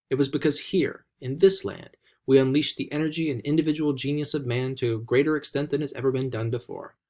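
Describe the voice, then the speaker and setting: An older American man in his sixties delivers a formal address from a prepared text. His pitch sits in an ordinary middle range, and he builds his phrases in a measured, rhetorical way, slowing down on the key words for emphasis. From United States. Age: 60s. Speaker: president giving an inaugural address. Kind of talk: formal ceremonial speech.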